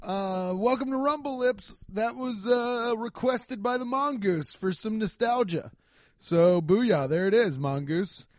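Man, podcast host, swearing rambling rant, high voice, dry home recording. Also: measured pace, no echo. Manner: rambling, profane, animated. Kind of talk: solo comedic rant. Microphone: desk microphone.

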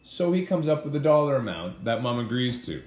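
A man co-hosting a casual podcast, teasing and exclaiming as he argues his side. His pitch swings a lot as he talks. The room gives his voice a noticeable echo. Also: a little fast. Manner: animated, teasing, jokey exclamations. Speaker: podcast co-host. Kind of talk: casual bickering chat. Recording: echoey room.

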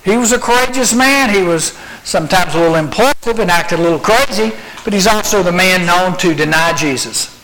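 A middle-aged man preaching to young listeners, his fairly high voice swinging widely in pitch. He acts out quoted lines with animated storytelling. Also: fairly quick, rough recording. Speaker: youth camp preacher. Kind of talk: sermon.

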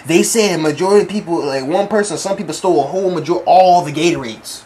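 A young man chats casually and tells a story, his voice pitched a touch high. He acts out every quote in animated slang. Faint background noise runs under the recording. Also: fast talker, few pauses.

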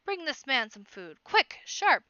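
A woman voicing a big, hearty male rabbit chieftain who shouts his welcomes and orders. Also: medium pitch, big pitch swings, brisk, clean tone, no echo, dull audio.

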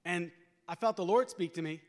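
A man with a high voice preaches from a church platform, with a long reverb ringing around him. He tells his own story in a plain, conversational way and urges the congregation to respond. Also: a little fast. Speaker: guest preacher giving testimony. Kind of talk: sermon testimony. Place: church sanctuary.

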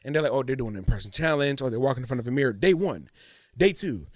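A man in casual podcast chat, telling animated stories about his impressions. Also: medium pitch, fast talker, no echo. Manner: animated storytelling, slips into voices.

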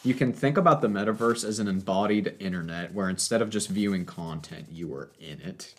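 A man's voice: sits low, a little fast. A young man chatting casually at home, rambling with lots of filler words. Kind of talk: casual chat. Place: home room with a cat. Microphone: desk mic.

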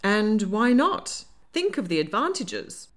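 A woman voicing a brisk, scheming elderly grandmother who speaks bluntly and decisively. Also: mid-range voice, very animated, voice pushed up. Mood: blunt, scolding.

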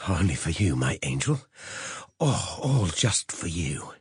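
A man's voice: low voice, big pitch swings, slow, breathy edge, no echo, studio quality, full character voice. A man voicing an overweight, besotted middle-aged man who stammers and fawns. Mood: fawning. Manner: flustered, stammering, fawning.

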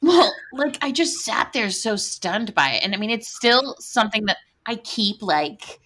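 A middle-aged woman in casual podcast chat, with a bright, forward voice. She tells stories in an animated way, full of fillers and laughter, and her pitch jumps all over. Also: a little slow. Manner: animated storyteller, laughs often, many fillers. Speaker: podcast co-host.

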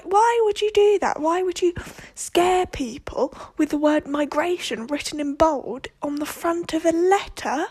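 High-voiced woman ranting. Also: a little mellow. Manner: ranting, exasperated, swears, drops into whispered asides. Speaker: podcast host. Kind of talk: casual monologue.

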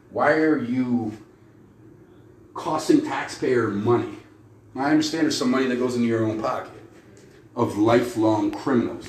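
A man hosting a podcast, ranting angrily and sarcastically with a lot of swearing. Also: mid-range voice. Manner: angry, profane, sarcastic ranting. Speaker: podcast host. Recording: echoey room with faint noise.

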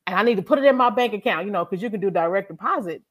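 A woman co-hosting a podcast, telling a faith testimony in a casual, animated way and acting out her own prayers as she goes. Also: mid-range voice, very fast. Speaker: podcast co-host.

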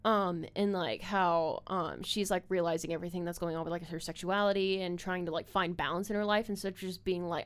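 A woman's voice: lowish voice, steady tone, fairly quick, few pauses, clear, resonant tone. A young woman hosting a casual podcast chat, rambling and full of "like"s, swearing freely. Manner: rambling, filler-heavy with many "like"s, swears freely. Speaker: podcast host.

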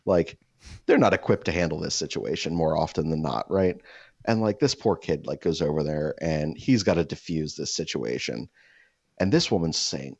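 Husky and very low, this man's voice carries an expressive, rambling anecdote at a moderate pace, thick with "like" and "you know." He imitates the people in his story with put-on voices. The sound is close, dry, and somewhat dull and lo-fi.

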